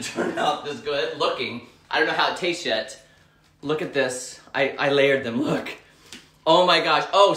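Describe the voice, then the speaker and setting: A man's voice: on the high side, pushed and bright, reverberant, distant mic. A man chatting bubbly and gushing while he cooks on a live stream from his home kitchen. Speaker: home cooking vlogger. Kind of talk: live cooking stream chat.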